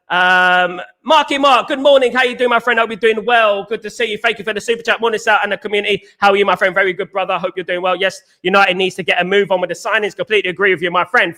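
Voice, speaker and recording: A man's voice: high voice, steady tone, fast, pushed and bright. A British man hosting a casual live stream, talking emphatically, repeating himself and reading viewer comments aloud. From Britain.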